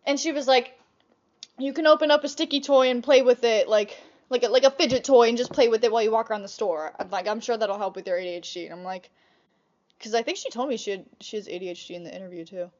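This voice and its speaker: A young woman vlogger telling a casual storytime about old jobs, chatty and animated, swearing often. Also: on the high side, fast, highs cut off.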